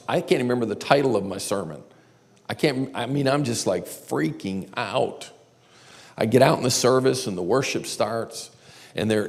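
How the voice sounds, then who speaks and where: A man's voice: on the low side, creaky, a little mellow. A man giving a candid, self-deprecating storytelling talk at a live seminar. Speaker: seminar speaker. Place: large church auditorium. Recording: live hall recording with long reverb.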